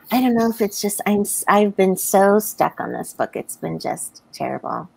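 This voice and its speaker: A woman's voice: mid-range voice, big pitch swings, measured pace, creaky, darkish tone, slightly rough, low-quality recording. An American woman hosting a live writing stream, chatting casually, laughing often and reading viewer comments aloud. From United States. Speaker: livestream host.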